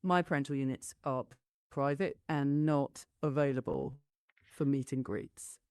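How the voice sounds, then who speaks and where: A synthetic woman's voice with a British accent, an AI assistant answering a streamer calmly and politely. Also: extremely low pitch, smooth, no room sound, studio quality. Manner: calm, polite, measured replies. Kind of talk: chat with a streamer.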